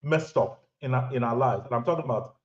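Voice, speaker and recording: A man's voice: mid-range voice, a little fast. A man in his thirties or forties from Nigeria, with a Nigerian accent, lecturing viewers emphatically and repeating lines for stress. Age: 30s to 40s. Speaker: vlogger giving relationship advice. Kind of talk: lecturing monologue to camera. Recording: roomy, dull lo-fi audio.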